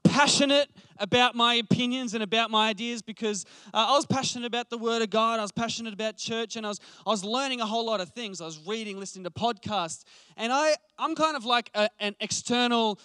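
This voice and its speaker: A man in his late twenties preaches in a relaxed, conversational way, passionate and full of restarts as he thinks aloud. His voice sits fairly high and sounds smooth and resonant. The sound is dry and close. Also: fast, no echo. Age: late 20s. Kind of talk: conversational sermon.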